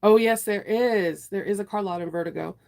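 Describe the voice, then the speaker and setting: A woman's voice: medium pitch, fairly quick, creaky, a little mellow. A woman hosting a sewing livestream, chatting casually, laughing often and answering viewers' comments as she works.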